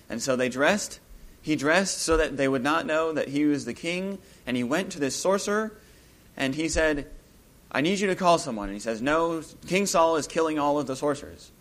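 A man with a slightly high voice gives an informal Bible talk at normal speed, musing aloud as he retells a scripture story. He becomes lively whenever he acts out the scenes.

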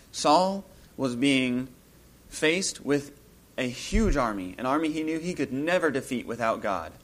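A man giving an informal Bible talk, musing aloud as he retells a scripture story and growing lively when he acts out the scenes. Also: mid-range voice.

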